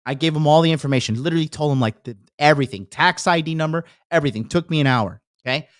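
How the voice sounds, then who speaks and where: A man's voice: a little high, fast, no room sound. Man ranting profanely, dry close sound. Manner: profane, heated, acts out the people he quotes. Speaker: podcast host. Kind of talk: casual ranting monologue.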